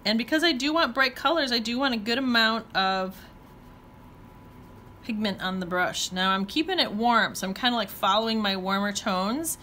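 A woman's voice: fairly high pitch, normal speed, pushed and bright, slight background noise. A woman teaching watercolor, talking casually while she paints and thinking aloud with playful exclamations. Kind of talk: painting demonstration talk-along.

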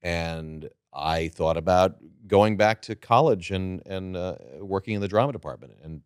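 A middle-aged man, a guest actor, telling stories from his career in a relaxed interview chat. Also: sits low, moderate pace, smooth, dry recording, studio quality.

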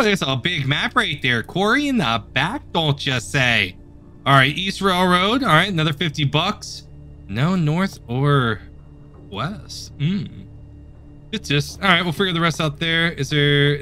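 Man, gameplay commentary, chatty and joking, high animated voice. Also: unhurried, soft background music. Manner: chatty, joking, talks to himself. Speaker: let's play host.

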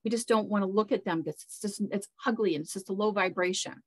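A woman's voice: medium pitch, quick pace, rough recording. A woman speaking as a spiritual mentor in an interview, earnest and loose, often repeating words as she searches for how to put things. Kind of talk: casual interview talk.

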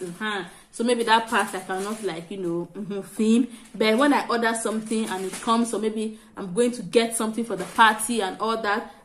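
A young woman chatting to camera at home in a bubbly, giggly way, repeating phrases when excited. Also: mid-range voice, a little hiss or hum. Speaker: vlogger host. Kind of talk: casual vlog chat to camera. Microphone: camera set up in front of her.

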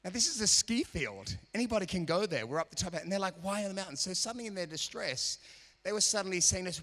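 Male pastor, bright and forceful, animated sermon delivery with acted-out voices, long hall reverb. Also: high voice, quick pace. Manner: animated, acts out quoted voices. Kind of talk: sermon with storytelling. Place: church auditorium.

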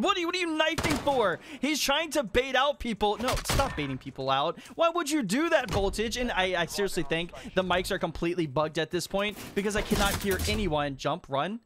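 A young man commentating his own gameplay, excitable and teasing as he calls out to other players. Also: sits high, brisk, hardly any pauses, noisy background. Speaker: gaming YouTuber.

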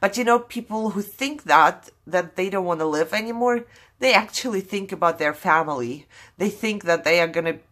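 Tearful woman, bright tone, candid and apologetic, swinging up and down. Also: fairly low pitch. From Germany. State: fighting back tears. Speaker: craft vlogger opening mail. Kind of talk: casual voice-over while opening mail.

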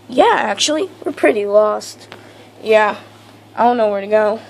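Young woman with a gravelly voice. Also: mid-range voice, animated, measured pace. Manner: casual, rambling, slangy with fillers. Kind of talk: homemade voice acting of several characters.

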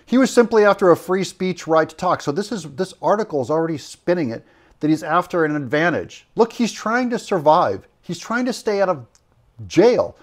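A man's voice: sits high, very animated, moderate pace. A man giving opinionated political commentary, rambling with fillers and self-corrections. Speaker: political commentator in a played clip.

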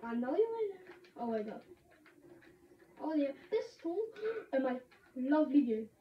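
A woman streaming a game, chatting excitably with sudden shouts and laughs. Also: sits high, measured pace. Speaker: gamer streaming a match. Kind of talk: excited gaming commentary. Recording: roomy, distant, dull lo-fi sound with faint noise.

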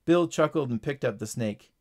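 A man reading a children's story aloud as narrator, clear and even. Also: mid-range voice, moderate pace.

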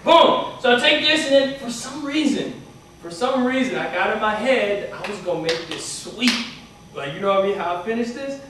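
Speaking to students in a university hall, this motivational speaker tells a chatty story, frequently asking "right?". His very high, fairly bright voice moves at a moderate pace. The echoey hall is recorded from far off, with slight background noise.

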